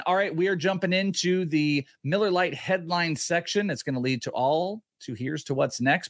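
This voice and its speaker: A man's voice: mid-range voice, dry recording, studio quality. A man co-hosting a fantasy football podcast, joking around in casual banter and reading ad copy. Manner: joking, excitable, reads ad copy. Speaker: podcast co-host.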